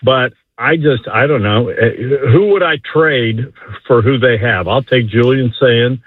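A man's voice: medium pitch, unhurried, no echo. A middle-aged man calling in to a sports radio show, rambling and boasting with many stumbling restarts. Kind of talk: casual sports talk. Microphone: phone call. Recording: tinny phone line.

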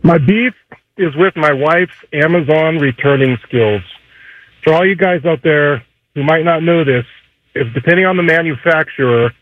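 Male caller joking wryly, a bit high, tinny phone line. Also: dry recording. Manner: wry, joking. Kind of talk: storytelling radio call.

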